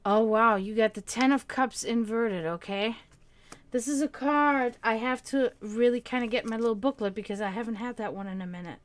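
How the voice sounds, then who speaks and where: A woman doing tarot readings on a casual live stream, who now and then breaks off to softly comfort her cat. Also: fairly high pitch, normal speed. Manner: soothing baby talk to her cat, then plain card reading. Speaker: tarot reader and stream host.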